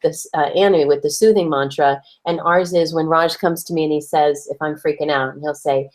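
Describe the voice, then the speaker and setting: A woman with a fairly low voice co-hosts a relationship advice chat. She talks in a playful, expressive way and acts out the lines she quotes. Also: fairly quick. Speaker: podcast co-host.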